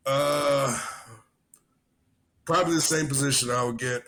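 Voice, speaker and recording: A man's voice: medium pitch, level tone, slow, pauses often, sharp tone. Rambling, profane male podcast host. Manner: rambling, swears constantly, tells stories. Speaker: podcast host, army veteran. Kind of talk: casual profane chat.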